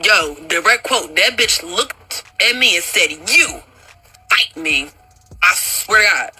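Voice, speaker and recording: Bright-voiced young woman telling a storytime. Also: medium pitch, slow, poor audio. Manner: animated and profane, laughing often. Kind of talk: casual storytime monologue.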